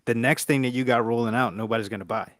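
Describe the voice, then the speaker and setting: A man's voice: mid-range voice, steady tone, fast talker, fairly bright tone, no echo, studio quality. A man co-hosting a casual panel talk, giving direct, practical suggestions. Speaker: podcast co-host.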